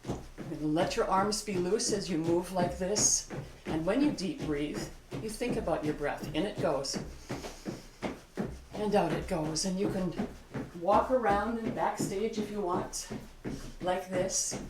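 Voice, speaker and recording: An older woman, a vocal coach, giving a calm, encouraging singing lesson on video and talking through an exercise as she moves. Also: mid-range voice, a little slow, very noisy. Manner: calm, encouraging, demonstrates while moving. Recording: echoey room.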